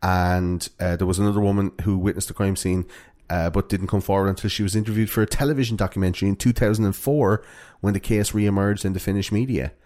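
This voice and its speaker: A man's voice: low-pitched, darkish tone. A man hosting a casual true-crime podcast, rambling with plenty of fillers. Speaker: podcast host.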